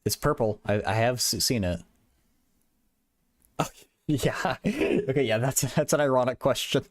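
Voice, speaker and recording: A young man in his young adult years livestreams from a small apartment bedroom, talking unhurriedly in a medium-pitched voice. He chats casually with viewers, stuttering and repeating himself, with no room sound audible.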